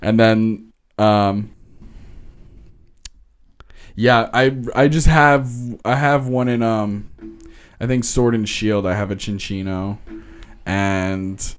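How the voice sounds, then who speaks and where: A man with a very deep voice talks about his favorites with easy enthusiasm. He laughs often and drops casual swears. The conversation is a relaxed co-hosted podcast chat. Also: slow, pauses often, smooth. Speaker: podcast co-host.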